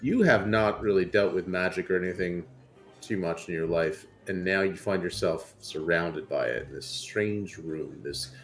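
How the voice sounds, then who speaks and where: A man's voice: sits low, moderate pace, faint music behind. A man narrating a tabletop game as game master in a loose, conversational way.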